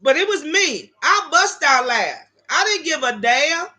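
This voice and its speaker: Woman, livestream host, casual storytelling, profane, brash, high voice. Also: very animated, a little slow, bright, forceful tone. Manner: profane, brash, talks straight to viewers as "y'all". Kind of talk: casual storytelling to live chat viewers.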